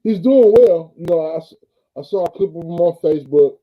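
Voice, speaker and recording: A man's voice: on the high side, lively intonation, brisk. Laid-back football coach guy, keeps saying man and bro, muffled lo-fi audio. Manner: easygoing, says "man" and "bro" often. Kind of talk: casual sports talk.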